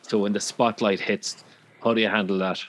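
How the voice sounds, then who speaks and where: A man's voice: fairly low pitch, level tone, normal speed, fairly bright tone, rough recording. A man hosting an interview, asking questions and agreeing with his guest, often restarting his sentences. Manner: affirming, talks in restarts and fillers. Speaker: podcast host. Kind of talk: conversational interview.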